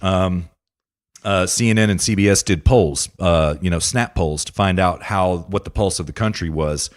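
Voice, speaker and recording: A man hosting a casual political podcast, ranting emphatically and addressing the listener directly. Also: low-pitched. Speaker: podcast host.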